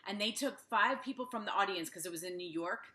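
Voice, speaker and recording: A woman's voice: mid-range voice, fast, pushed and bright. A middle-aged woman hosting an interview, talking in an enthusiastic, gushing, chatty way. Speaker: podcast host. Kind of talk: casual interview chat. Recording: echoey room.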